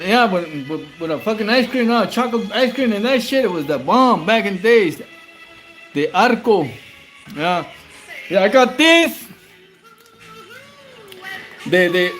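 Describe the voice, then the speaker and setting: A Southern California man from Whittier hosts a late-night livestream, eating at home and chatting casually with his viewers, swearing freely and calling them bro and homie. His voice sits high with a fairly bright tone.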